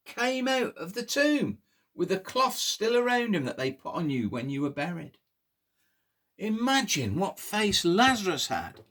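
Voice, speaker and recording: A man telling a Bible story to toddlers in an animated, sing-song way, coaxing the children to pull faces. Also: high-pitched, normal speed.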